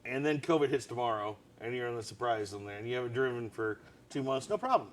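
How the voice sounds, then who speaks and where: A man's voice: mid-range voice, expressive, fast. Guy hosting a live stream, chatty, keeps firing questions, middle voice, bit of faint hiss. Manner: chatty, quizzing his co-host. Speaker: show host. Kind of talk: casual live-stream chat.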